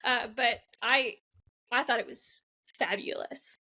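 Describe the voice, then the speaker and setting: A woman's voice: a little high, takes it slowly, pushed and bright. A woman co-hosting a podcast, chatting enthusiastically, heard a little off the microphone. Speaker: podcast co-host. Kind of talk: casual chat.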